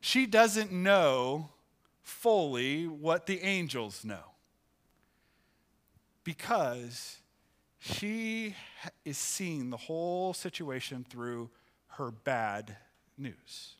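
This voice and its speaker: Male pastor, sermon delivery, expressive storyteller, bright tense tone. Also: extremely slow, long pauses. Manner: expressive, pitch rises for acted quotes. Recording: church sanctuary, live sermon.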